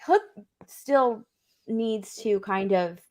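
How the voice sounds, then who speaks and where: A woman's voice: mid-range voice, drawn-out words, darkish tone. A woman co-hosting a casual chat, enthusiastic and giggly, often stumbling and restarting her words. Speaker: podcast co-host.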